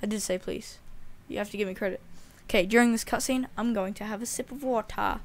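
A woman's voice: mid-range voice, a little fast. A woman casually commenting as she plays a video game, chatty and playfully talking to the animals on screen. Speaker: gaming channel host. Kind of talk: casual let's-play commentary.

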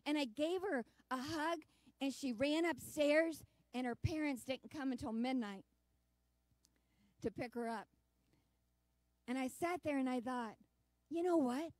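A woman's voice: high-pitched, a little slow, long pauses, darkish tone, no echo. Earnest woman telling a sermon story. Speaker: church speaker. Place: church service.

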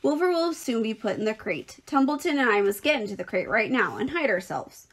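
A woman doing a soft-spoken clever spider. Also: on the high side, very animated, fairly quick, slightly rough. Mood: determined. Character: clever female spider, calm and kind.

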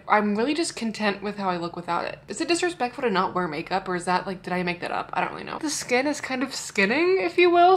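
A woman in her twenties chatting casually to her phone camera at home, gushing and excitable, swearing freely as she shows off her haul. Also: medium pitch, slight background noise. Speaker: fitness vlogger. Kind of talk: casual vlog chat.

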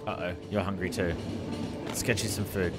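A man hosting a gaming channel, giving animated let's-play commentary and exclaiming at the screen. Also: low voice, normal speed, over loud music. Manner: animated, exclaiming, addresses viewers as legends.

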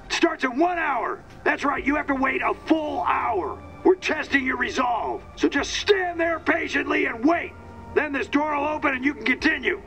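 A sneering drill instructor, high and lively, barking insults at new recruits. Game music runs under him. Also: male voice, normal speed, rough recording. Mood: taunting. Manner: taunting, barking. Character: mocking, sadistic male drill instructor.

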